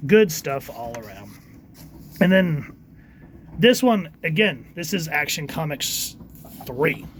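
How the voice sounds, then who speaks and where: A man giving a casual comic book review, halting often with fillers and reading quoted lines in quick put-on voices. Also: on the high side, sing-song, fairly bright tone, a little hiss or hum.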